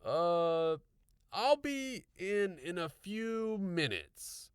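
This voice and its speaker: A man putting on a frantic, shrill neighbor man. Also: sing-song, very slow, clear, resonant tone, no room sound, clean studio sound, heavily acted. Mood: confused. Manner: shouting, frantic, high-pitched. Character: excitable middle-aged man, flustered neighbor.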